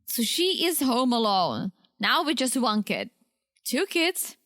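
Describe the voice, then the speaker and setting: Woman, podcast co-host, high voice, animated storyteller, close and dry recording. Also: slow, no room sound. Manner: animated storyteller, acts out both sides of phone calls. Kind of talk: casual chat recapping a reality show.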